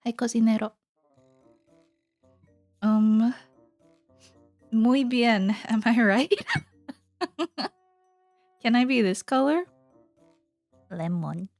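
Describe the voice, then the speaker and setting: A woman's voice: on the high side, very slow, long pauses, darkish tone, no room sound, soft background music. A woman streamer in casual, playful chat with her viewers, giggling often.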